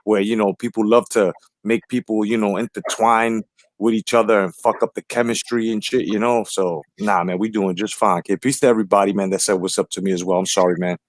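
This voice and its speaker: A man's voice: fairly low pitch, steady tone, brisk, no room sound. A man speaking as a panelist on a live sports talk show, laid-back and slangy, often saying you know.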